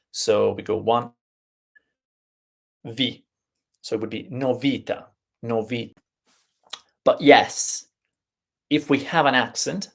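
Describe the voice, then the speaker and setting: A man's voice: mid-range voice, gravelly. A man with an Italian accent, a native Italian speaker, teaching Italian pronunciation in a live stream and explaining patiently step by step. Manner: unhurried, explains step by step, repeats words slowly.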